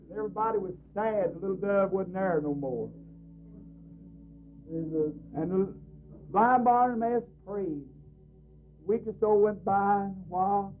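A man preaches a storytelling sermon, his voice pitched high and his delivery unhurried. He swells into fervent cries and draws out his phrases. The sound is thin and tinny, like an old tape played over a phone line. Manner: fervent, rising to shouts, drawn-out phrases.

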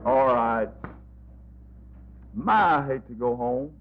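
A man's voice: medium pitch, expressive, slow pace, lo-fi sound, slight background noise. A man preaching a revival sermon, fervent and folksy, repeating phrases in a rolling rhythm.

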